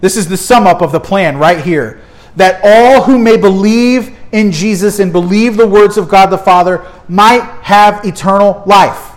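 A man's voice: sits high, measured pace. A man preaching a sermon as pastor, emphatic, asking the congregation rhetorical questions and repeating key words.

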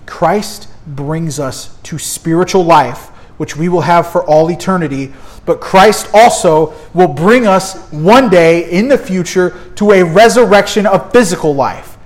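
A man's voice: high voice, measured pace, hardly any pauses. A man preaching a sermon as pastor, emphatic, asking the congregation rhetorical questions and repeating key words.

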